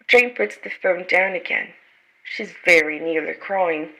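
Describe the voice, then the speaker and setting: Slow, gravelly-voiced woman reading a storybook. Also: on the low side, animated, sharp tone, low-quality recording. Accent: non-native English. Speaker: audiobook reader. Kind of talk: read-aloud audiobook narration.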